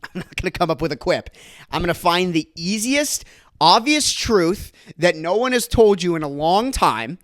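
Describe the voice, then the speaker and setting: Animated ranting man, high lively voice. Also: normal speed. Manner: animated, ranting, bursts into shouts and laughs. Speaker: podcast host. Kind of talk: comedic storytelling rant.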